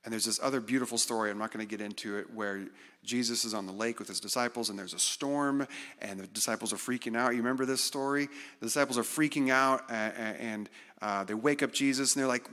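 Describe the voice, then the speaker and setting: A man's voice: mid-range voice, fast. Man preaching in a reverberant hall. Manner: animated, self-deprecating, acts out quotes. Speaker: guest speaker. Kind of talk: conversational sermon.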